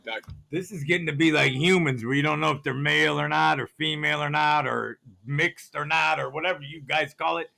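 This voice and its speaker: A man's voice: on the high side, fairly even intonation, a little fast, creaky, sharp tone. A man vlogging in a grocery store, ranting in a conspiratorial way and asking "see how that works" over and over. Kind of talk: ranting shopping vlog.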